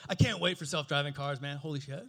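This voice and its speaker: A man's voice: a little high, normal speed. A man in his forties doing a stand-up comedy set, crude, playful and self-mocking as he riffs with the audience. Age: 40s.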